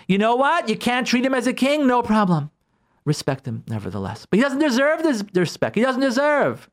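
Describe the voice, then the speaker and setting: A man's voice: very high voice, very animated, moderate pace. A man, a rabbi, giving an emphatic radio talk on Jewish law and marriage, repeating key words and acting out his listeners' objections.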